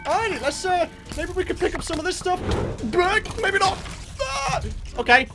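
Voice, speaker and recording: A let's play gamer giving excitable, jokey gameplay commentary with loud outbursts. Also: very high-pitched, a little fast, music in the background, poor audio.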